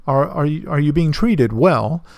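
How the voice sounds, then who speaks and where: A man's voice: fairly high pitch, expressive, a little slow, vocal fry, a little mellow, dry recording, clean studio sound. A man voicing a fussy, inquisitive male captain who questions travelers with mock politeness. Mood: probing.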